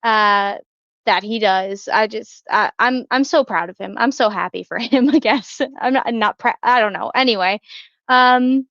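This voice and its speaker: A woman's voice: fairly high pitch, moderate pace, a bit bright, no echo, lo-fi sound. A woman co-hosting a pop culture podcast, chatting casually with lots of fillers, restarts and small laughs. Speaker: podcast co-host. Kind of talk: casual chat.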